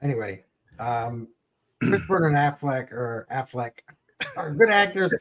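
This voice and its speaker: A man's voice: a little high, lively intonation, a little slow, a bit bright. A man co-hosting a casual podcast chat, easygoing and joking. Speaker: co-host.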